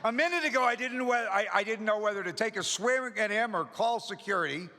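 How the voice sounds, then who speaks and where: A middle-aged man tells his story to a meeting, mixing energy and humor. His voice is bright and forceful and sits a bit high for a man. It rings out with the long reverb of a large hall. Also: fairly quick. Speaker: recovery meeting speaker. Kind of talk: storytelling talk to an audience.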